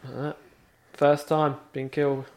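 A young man on a podcast, casually sharing a news story with his friends. He hesitates and fills gaps with "uh" and "um". His voice sits a little high. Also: flat delivery, slow pace, a little mellow. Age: young adult. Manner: hesitant, reads news items aloud with fillers. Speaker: podcast co-host. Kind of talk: casual chat.

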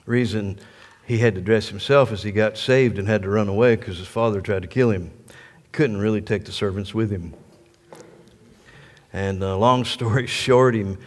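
An older man, a pastor, telling a story in a sermon in an animated way and laughing along with it. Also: on the low side. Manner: animated, laughs through his own story. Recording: long echo of a large hall.

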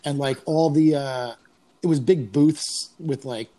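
Profane, animated man telling tour stories. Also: unhurried. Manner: profane, animated storytelling with laughs; acts out quoted voices in higher pitch. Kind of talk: casual podcast chat.

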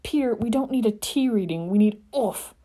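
A woman's voice: sits low, fast, mellow, slightly rough. Woman as anxious young wizard, clipped and tense, in a storybook reading. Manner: muttered through gritted teeth.

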